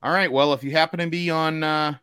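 A man's voice: on the high side, steady tone, brisk, pushed and bright, clear, resonant tone, no room sound, clean studio sound. A man with a Boston accent hosting a casual podcast, rambling through fillers and restarted sentences. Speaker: podcast host.

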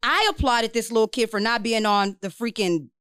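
A woman co-hosting a casual podcast, talking in an animated way and mocking what others say. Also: a little high, normal speed, clear, resonant tone, no echo, studio quality. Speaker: podcast co-host. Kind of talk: casual chat.

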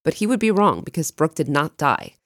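A woman with a fairly low voice co-hosts a true crime podcast and tells the case in a chatty way. Her pitch leaps up when she gets excited. The sound is dry and close, with no room around it. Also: brisk, dry recording. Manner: lively, with big pitch jumps when excited. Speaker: podcast co-host.

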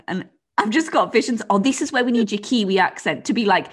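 A woman's voice: medium pitch, expressive, quick pace, husky. A woman co-hosting a casual podcast, chatty and teasing, filling her talk with "like". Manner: chatty, teasing, heavy use of "like". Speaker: podcast co-host. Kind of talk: casual chat.

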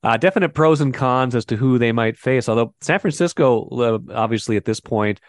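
A man's voice: mid-range voice, fairly quick, no echo, clean studio sound. A man hosting a casual sports podcast, chatty and teasing, often restarting his sentences. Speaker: podcast host.

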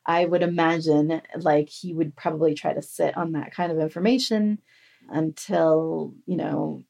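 Gravelly-voiced woman co-hosting a podcast. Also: sits low, steady tone, measured pace, dark tone. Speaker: podcast co-host. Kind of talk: casual podcast chat.

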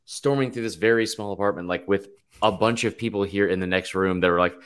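A man hosting a casual sports chat, animated and swearing freely. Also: sits low, fairly quick, clear, resonant tone. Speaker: podcast host.

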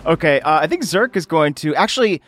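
Player, male, fairly high voice with lively swings, jokey delivery. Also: brisk, slight background noise. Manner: jokey, animated. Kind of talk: casual tabletop game chat.

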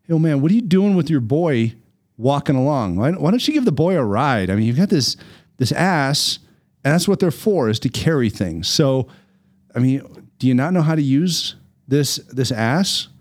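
Using his natural voice but pitched above his own, a man plays a nosy farmer who scolds an old man, lecturing him loudly. The delivery is expressive and mellow-edged, at a moderate pace, with a scolding mood, in a mid-range voice.

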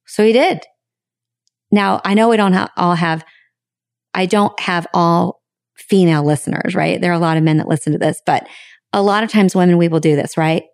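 A woman hosting a podcast, talking in a frank, reflective way with sudden high bursts of emphasis and some casual swearing. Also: brisk, creaky, dry recording, studio quality. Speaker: podcast host. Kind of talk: candid podcast monologue.

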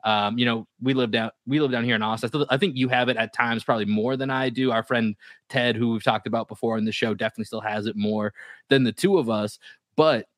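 A man in his thirties from Boston with a faint Boston accent, co-hosting a casual podcast and talking in animated bursts, often restarting his words. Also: mid-range voice, fast, no room sound, studio quality. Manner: animated, stumbles and repeats words. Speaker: podcast co-host. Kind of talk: casual chat.

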